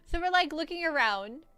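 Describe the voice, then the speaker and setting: A young woman vtuber telling a rambling, animated story in a casual recap, laughing often. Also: sits high, a little slow, no room sound, soft background music. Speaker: vtuber streamer.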